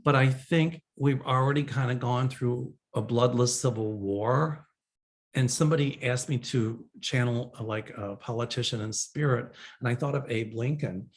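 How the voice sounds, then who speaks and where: A man's voice: medium pitch, moderate pace. A man hosting a psychic show, answering viewer questions in a rambling, casual monologue full of fillers.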